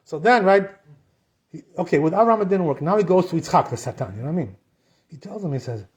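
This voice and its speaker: Animated storytelling rabbi, high voice. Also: male voice, fast talker. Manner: animated, chuckling, lots of filler asides. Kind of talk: storytelling Torah talk.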